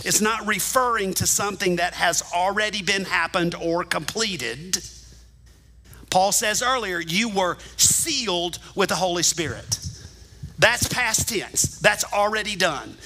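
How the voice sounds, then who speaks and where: A man's voice: sits high, lively intonation, takes it slowly, pushed and bright, rough recording. A male pastor preaching a sermon, teaching animatedly and speaking directly to the congregation in a church sanctuary.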